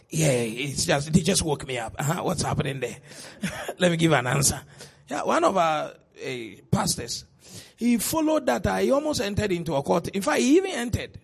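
A middle-aged man with a Ghanaian accent preaching a sermon as pastor, swinging between soft asides and shouted exclamations, laughing often. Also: sits high, gravelly, slightly rough.

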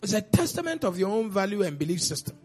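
A man preaching a sermon as pastor, with pointed rhetorical questions and sudden loud outbursts. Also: sits high, big pitch swings, quick pace, breathy edge, faint music behind.

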